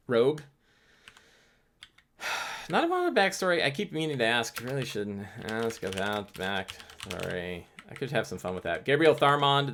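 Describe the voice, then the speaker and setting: A man's voice: medium pitch, fairly bright tone. A man hosting a live stream, answering chat questions in a loose, rambling way with many restarts. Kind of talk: casual livestream talk.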